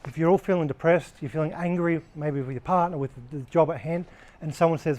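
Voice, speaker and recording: A man's voice: on the high side, fast talker, few pauses, darkish tone. A man giving a casual training talk to a live group of workers, blunt and conversational, swearing freely as he explains. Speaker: workplace trainer.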